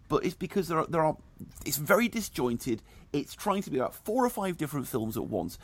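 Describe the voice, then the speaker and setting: A man's voice: fairly high pitch, sing-song, a little fast, a bit bright, slightly rough. A middle-aged man, giving dry, sardonic film and music reviews in casual radio chat.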